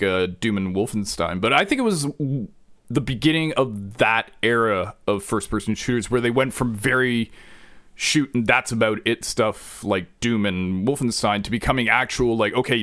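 A man's voice: mid-range voice, fairly bright tone, no room sound. Rambling male podcast host, dry sound. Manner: rambling, digressive storytelling with many restarts. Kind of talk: casual podcast chat.

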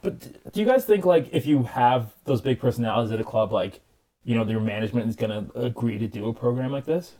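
A man's voice: medium pitch, animated, fast talker, warm tone. A man co-hosting a podcast in casual chat, rambling and skeptical in his opinions. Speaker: podcast co-host.

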